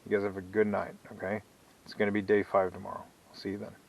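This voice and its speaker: A man's voice: on the low side, monotone, quick pace, gravelly, recorded from a distance, poor audio. A man, a trucker vlogger giving an earnest, encouraging monologue to his viewers. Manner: earnest, encouraging, repetitive phrasing. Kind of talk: casual motivational monologue to camera.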